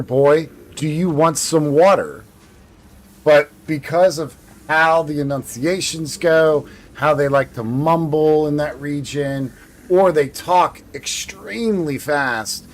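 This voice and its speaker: A man's voice: fairly high pitch, slow pace. Easygoing rambling male game streamer. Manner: rambling, easygoing, laughs often. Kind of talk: casual livestream chat.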